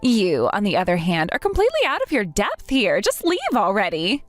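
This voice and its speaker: A woman's voice: medium pitch, wildly swooping pitch, brisk, no room sound, soft background music. A woman voicing a snobbish, entitled young bride who talks down to others in a mocking, haughty way, in a dramatized story. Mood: scornful.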